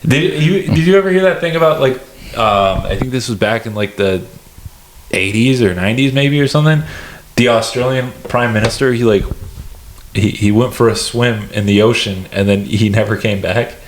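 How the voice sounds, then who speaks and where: A man's voice: medium pitch, normal speed, a little hiss or hum. A young man co-hosting a podcast, chatting casually and trading crude jokes. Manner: joking, crude banter. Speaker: podcast co-host. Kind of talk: casual chat.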